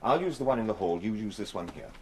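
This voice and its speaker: A man's voice: fairly low pitch, lively intonation, quick pace, very noisy, lightly acted. A man playing a clipped, brusque policeman. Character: angry male police officer. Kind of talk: 1970s television police drama.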